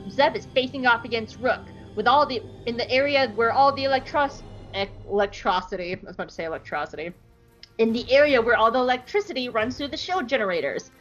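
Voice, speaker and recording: A woman's voice: fairly high pitch, fairly bright tone, dull audio. A woman casually recapping a cartoon episode for a podcast, joking around and slipping into silly voices for the characters. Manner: playful, jokey, acts out quotes in silly voices.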